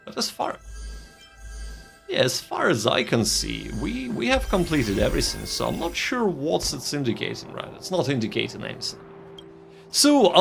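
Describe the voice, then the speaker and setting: A man's voice: fairly high pitch, wildly swooping pitch, measured pace, creaky, long pauses, fairly bright tone, faint music behind. A man streaming a game and commenting casually, thinking aloud, repeating phrases and reading game text.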